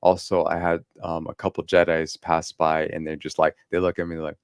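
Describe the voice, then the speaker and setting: A man's voice: a bass voice, level tone, brisk, dry recording, studio quality. A man co-hosting a casual podcast chat, telling stories animatedly and acting out quoted lines with frequent laughs. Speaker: podcast co-host.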